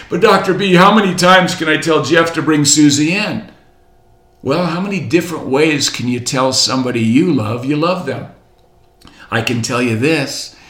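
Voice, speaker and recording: Man in his sixties, motivational seminar speaker, emphatic and repetitive, mid-pitched, recorded with roomy echo. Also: a bit bright. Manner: emphatic and repetitive, rhetorical questions and asides. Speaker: motivational speaker coaching doctors.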